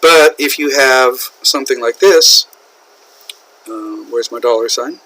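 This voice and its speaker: American man, english teacher, slow lecture pace, bright voice, repeats phrases. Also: mid-range voice, rough recording. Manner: slow, repetitive explaining with frequent "okay?" checks. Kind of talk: classroom lecture on English usage.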